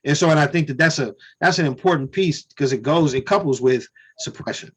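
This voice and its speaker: A man speaks in a slightly raised voice, unhurried and reflective. He sprinkles "you know" and "man" through a casual group conversation. He is heard through a video call. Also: fairly high pitch, slightly rough. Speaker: discussion participant.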